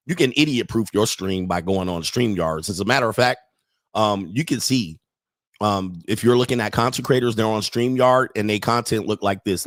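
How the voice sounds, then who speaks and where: A man hosting his own livestream, ranting in a casual, profane and mocking way and filling pauses with "all right" again and again. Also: lowish voice, fairly bright tone, dry recording. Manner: keeps saying "all right". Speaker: livestream host.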